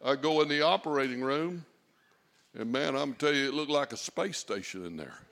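Fervent preacher man, bright voice. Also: medium pitch, lively intonation, a little fast, gravelly. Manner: fervent, swells to shouts and drops to a hush. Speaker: pastor. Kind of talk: sermon.

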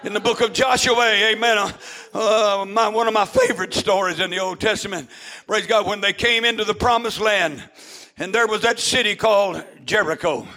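A male pastor, preaching a fervent shouted sermon to his congregation, peppered with "amen" and "uh". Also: high-pitched, moderate pace, poor audio. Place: church with congregation.

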